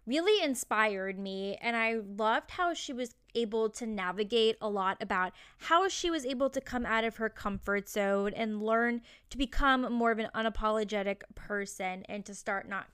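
A woman's voice: mid-range voice, fairly bright tone, clean tone, dry recording, clean studio sound. A young adult woman hosting a podcast, upbeat and effusive as she introduces and interviews her guest. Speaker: podcast host.

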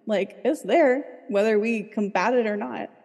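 Mellow-voiced woman therapist, chatty. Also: on the high side, a little slow, big-room sound. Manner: chatty, fills speech with "like". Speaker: licensed therapist, guest. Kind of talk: casual interview talk.

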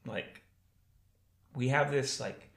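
A man's voice: medium pitch, slow pace, creaky, fairly bright tone. A man, telling a rambling, profane story in casual podcast chat. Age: 30s. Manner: loose, profane, rambling with lots of "like" and "dude". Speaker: podcast guest. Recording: roomy echo.

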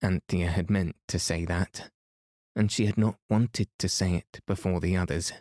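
A man narrating a bedtime story in a calm, soothing way for listeners falling asleep. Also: deep voice, normal speed, dry recording, clean studio sound. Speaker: podcast host, reader.

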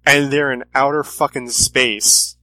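A man's voice: medium pitch, steady tone, a little slow, bright, forceful tone, no room sound. A man in casual chat about comics, earnest and reflective in his views. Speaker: comic podcast co-host.

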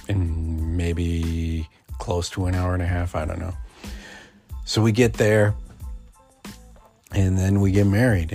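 Deep voiced guy in his 40s rambling thru a story w lots of ums, faint music behind. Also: darkish tone. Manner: rambling, many fillers and restarts. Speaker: podcast host. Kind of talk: casual storytelling.

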